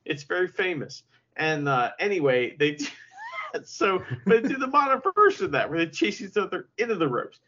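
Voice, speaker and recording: A man co-hosting a podcast, chatting casually and profanely, retelling events with lively quoted asides. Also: sits high, normal speed, slightly rough, dull audio. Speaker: podcast co-host. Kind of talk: casual chat recapping wrestling.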